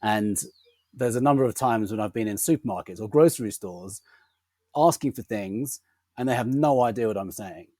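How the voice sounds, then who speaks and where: A man with a non-rhotic accent that drops his R's, a podcast guest telling a casual, animated story. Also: lowish voice, moderate pace, no echo. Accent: non-rhotic English, drops R sounds. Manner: animated, laughing anecdote teller.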